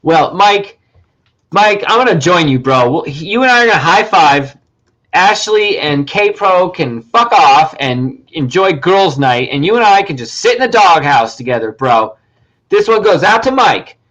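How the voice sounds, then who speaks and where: A man's voice: on the high side, very animated, a little slow, a bit bright, muffled recording. A man hosting a loose, casual livestream. He rambles and jokes with plenty of swearing. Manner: rambling, profane, jokey. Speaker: podcast host.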